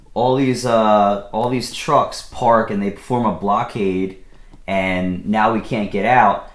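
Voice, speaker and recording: Low-voiced man telling a rambling story. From Pennsylvania. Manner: rambling, full of fillers and restarts. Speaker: vlogger telling a personal story. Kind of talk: casual storytelling. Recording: echoey room.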